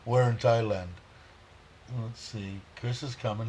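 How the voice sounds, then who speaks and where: A man hosting a casual livestream, rambling warmly, chuckling and reading viewer comments aloud. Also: mid-range voice, fairly even intonation, unhurried, a little hiss or hum. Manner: heartfelt, chuckles often. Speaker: livestream host.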